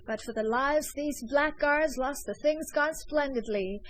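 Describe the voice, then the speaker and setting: A woman playing a pleading young smuggler gentleman. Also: sits high, measured pace, slight background noise, voice pushed up, rough recording. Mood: excited. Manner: urgent, pleading.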